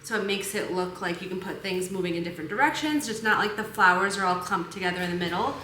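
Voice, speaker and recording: A woman's voice: fairly low pitch, quick pace, bright, forceful tone, roomy sound, slight background noise. A young woman vlogging casually about decorating her apartment, chatty and enthusiastic as she thinks aloud. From United States. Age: young adult. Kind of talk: casual vlog narration.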